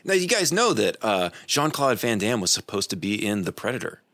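A man's voice: lowish voice, a little fast, no echo. A man in a casual chat, telling an anecdote with energy and acting out the people in it. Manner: animated anecdote-telling with voiced quotes.

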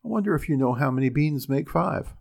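A man voicing a sly old stranger in a storybook reading, wheedling and persuasive, with a gravelly voice. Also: fairly high pitch, expressive, fairly quick, a little mellow. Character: sly funny-looking old man peddler.

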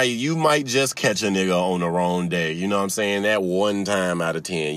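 A young man casually telling a story, profane and laughing, getting heated and loud as he goes. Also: sits low.

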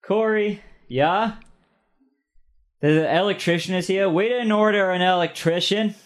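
Man putting on a flustered cashier, pitched up. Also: measured pace. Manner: hesitant, uncertain. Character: flustered male fast-food cashier.

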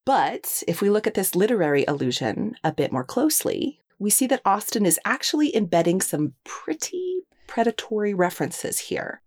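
A woman's voice: mid-range voice, very animated, moderate pace, few pauses, a little mellow, slightly rough. A woman co-hosting a literary podcast, chatting enthusiastically about a novel and laughing often. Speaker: podcast co-host. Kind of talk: casual literary discussion.

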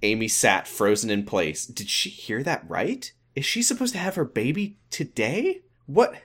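A man reads a melodramatic fanfic aloud for a comedy podcast, giving its lines mock gravity. His pitch swings widely and he breaks into laughter often. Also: very animated, normal speed, a bit bright, husky. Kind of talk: comedic dramatic reading with banter.

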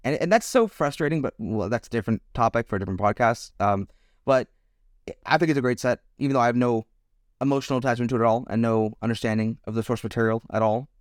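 A man's voice: mid-range voice, fast, dry recording, clean studio sound. A man co-hosting a podcast in casual chat, rambling and hedging his opinions with many restarts. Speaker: podcast co-host.

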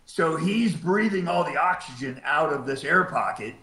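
A man's voice: fairly high pitch, animated, moderate pace, bright, forceful tone, reverberant, rough recording. A middle-aged man, a cave rescue diver, telling a story in a laid-back way and acting out the quotes. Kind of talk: storytelling in a casual interview.

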